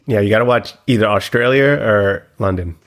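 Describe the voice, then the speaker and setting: A man with a lowish voice talks a little fast while co-hosting a podcast. He chats casually, explaining things in a loose, talkative manner and leaning on "like" a lot.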